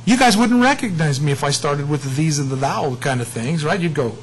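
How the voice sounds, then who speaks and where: Male pastor, middle-aged, high voice, chatty self-mocking Bible teaching, faint hiss behind. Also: brisk, rough recording. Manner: conversational, animated, self-mocking.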